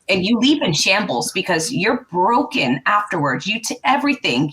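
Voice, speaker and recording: A woman's voice: lowish voice, a bit bright. A woman co-hosting a podcast, talking casually in an earnest, emphatic way. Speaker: podcast co-host. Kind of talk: casual conversation.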